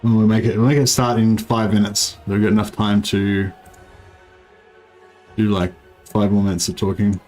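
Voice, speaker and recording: A man's voice: lowish voice, flat delivery, moderate pace, pauses often, darkish tone, faint music behind. A man streaming a game live, chatting casually and rambling, with many fillers as he reads his chat aloud.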